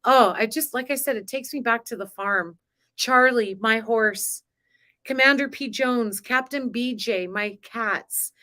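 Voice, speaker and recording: Woman host of a spiritual live stream. Chatty, emotional, laughs often, slightly high voice. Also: unhurried, pushed and bright. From grew up on a farm. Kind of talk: casual live-stream talk.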